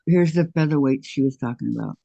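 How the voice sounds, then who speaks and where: A man's voice: mid-range voice, fairly quick, creaky, dark tone, no echo, highs cut off. A man co-hosting a crafting livestream, making easygoing offhand remarks in casual chat.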